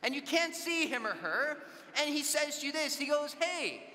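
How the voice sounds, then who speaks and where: Man from southern california telling stories to teens, acts out the back and forth, real bright edge, big reverby hall. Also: very high voice, moderate pace. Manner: conversational, acts out dialogue in anecdotes. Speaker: conference speaker. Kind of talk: storytelling talk to a youth audience. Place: large conference hall.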